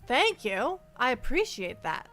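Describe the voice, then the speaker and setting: A woman's voice: high voice, moderate pace, bright, forceful tone, smooth, soft background music. A young adult woman streaming as a VTuber, chatting casually and playfully with her viewers and often repeating herself. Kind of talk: casual livestream chat.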